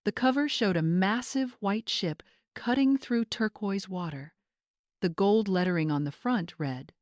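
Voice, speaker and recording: Calm woman narrating a story. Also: mid-range voice, measured pace, dry recording, studio quality. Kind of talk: scripted first-person story narration.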